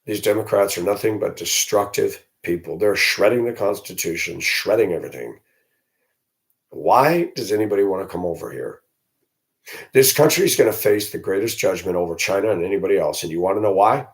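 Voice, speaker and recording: A man's voice: low voice, lively intonation, brisk. A man vlogging alone, speaking in a blunt, indignant, ranting way. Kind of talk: solo opinion monologue.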